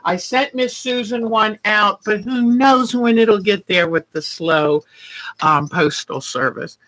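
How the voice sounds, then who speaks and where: Slow, bright-voiced woman host. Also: medium pitch, no echo, rough recording. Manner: chatty, rambling, greets viewers by name. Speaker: quilting livestream host. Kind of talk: casual chat.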